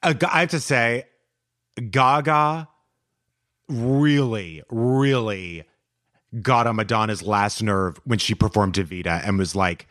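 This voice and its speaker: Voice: medium pitch, slow pace, fairly bright tone. A co-host in a casual chat, gushing and enthusiastic.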